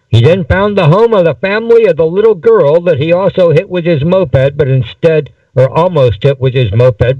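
A man's voice: medium pitch, no room sound. A man reading a strange short story aloud. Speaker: narrator. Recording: dull, distant mic, dry.

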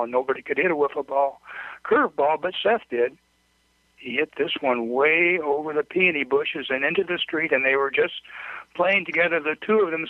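A man narrating a short story aloud in a measured, plain reading voice with occasional slips. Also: a little high, dry recording. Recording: dry, tinny phone-like recording.

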